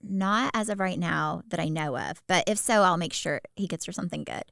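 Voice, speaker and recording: A woman's voice: lowish voice, a little fast, creaky, a bit bright, no echo, studio quality. A woman co-hosting a podcast, chatting casually, rambling through asides and laughing often. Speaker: podcast co-host. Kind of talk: casual chat.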